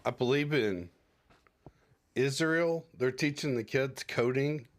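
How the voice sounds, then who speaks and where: A man's voice: medium pitch, slow pace, slight background noise. A man co-hosting a casual podcast who jokes and rambles, often acting out quoted lines. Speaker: podcast co-host. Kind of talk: casual chat.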